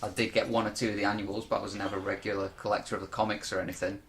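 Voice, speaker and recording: A man's voice: on the low side, flat delivery, rapid-fire, a bit bright, slight background noise. A man hosting a podcast in casual group chat, reading out questions and rambling with many hesitations.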